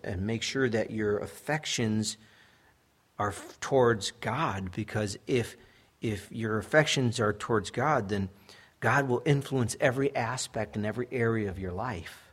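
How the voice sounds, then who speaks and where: A man's voice: fairly low pitch, unhurried, a bit bright, slightly rough. A young adult man, a pastor, preaching a sermon in an earnest way that builds to emphatic peaks.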